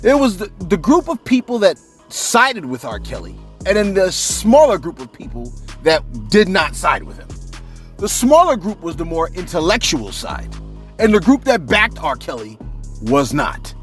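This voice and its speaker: A man doing casual, comedic celebrity gossip commentary, rambling and animated, with faint music behind. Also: sits high, moderate pace. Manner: animated, rambling, keeps saying "you know what I'm saying".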